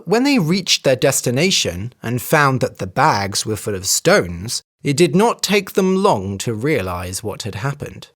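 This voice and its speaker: An English teacher reading a children's story aloud for learners, clear and expressive. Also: medium pitch.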